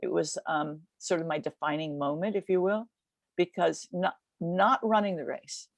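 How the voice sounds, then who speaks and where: An older woman in her seventies tells a story with energy, tumbling through quick restarts. Her voice sits fairly low and sounds close and dry, with no room around it. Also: vocal fry, no room sound. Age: 70s. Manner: vivid, lively retelling with quick restarts. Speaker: guest recounting a race. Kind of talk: storytelling in a podcast interview.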